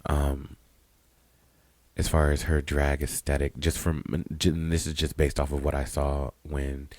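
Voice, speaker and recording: A man's voice: a bass voice, flat delivery, a little slow, darkish tone, no room sound. A man co-hosting a casual podcast, blunt, profane and opinionated as he chats. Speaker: podcast co-host. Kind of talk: casual chat.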